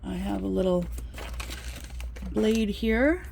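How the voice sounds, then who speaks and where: A woman chatting casually while unboxing craft kits in her trailer home, gasping and gushing with excitement over each item. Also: medium pitch, slow, vocal fry, a little hiss or hum. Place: inside her fifth-wheel trailer home.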